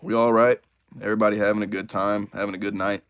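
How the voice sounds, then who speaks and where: A young man hosting a casual live stream, excitable and chatty, talking straight to his chat. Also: fairly low pitch, fast, clean tone, no echo. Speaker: YouTuber host of a live stream.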